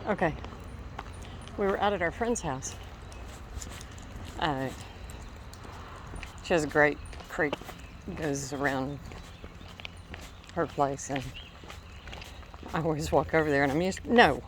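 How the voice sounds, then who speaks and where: A middle-aged woman vlogger with a deep, expressive voice chats casually on a rural walk, unhurried and with long pauses. She rambles between thoughts and stops to talk to her dog. Clear outdoor background noise runs through the recording.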